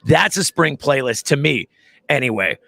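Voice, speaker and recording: Bright-voiced man hosting a chatty show. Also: medium pitch, lively intonation, normal speed, gravelly, no echo. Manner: joking, chatty, reads viewer comments. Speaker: show host. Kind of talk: casual live-stream chat.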